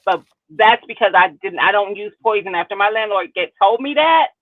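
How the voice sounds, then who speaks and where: A woman talking frankly and emphatically in a relaxed chat. Her voice comes through dry and narrow, like a phone line, with no room sound around it. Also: mid-range voice, normal speed, dry recording. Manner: frank, emphatic, laughs easily. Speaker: co-host of a gardening live stream. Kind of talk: casual chat. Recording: dry, tinny phone-like call audio.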